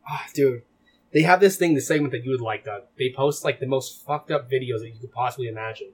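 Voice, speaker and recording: A man co-hosting a podcast in casual chat, excitable, laughing often and swearing freely. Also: medium pitch, quick pace. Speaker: podcast co-host. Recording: rough podcast audio with problems.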